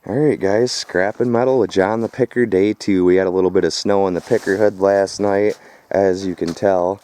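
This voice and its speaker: A man's voice: deep voice, steady tone, moderate pace, dark tone. A man vlogging outdoors at a rural property while hauling scrap, talking loosely to viewers with plenty of swearing and sometimes out of breath. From Michigan. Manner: loose, profane, addresses viewers as folks and boys. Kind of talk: casual vlog narration.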